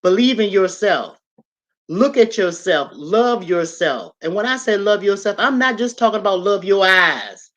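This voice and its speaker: A woman's voice: medium pitch, animated, a little slow. A woman hosting a livestream, giving a casual, preachy motivational talk, emphatic and repetitive as she addresses her viewers directly. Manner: emphatic and repetitive, talks straight to the audience.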